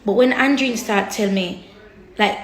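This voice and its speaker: A woman's voice: medium pitch, unhurried, roomy sound. A woman speaking candidly to her viewers in a vlog, blunt and raw, swearing freely and heavy with her words. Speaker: vlogger. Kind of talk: candid personal vlog talk.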